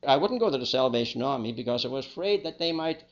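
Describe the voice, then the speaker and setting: Older liverpool guy telling his life story, gravelly voice, kinda muffled lo-fi recording. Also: mid-range voice, animated. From England. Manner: plain, unhurried, with small restarts. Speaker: speaker giving a personal testimony. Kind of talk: reflective storytelling.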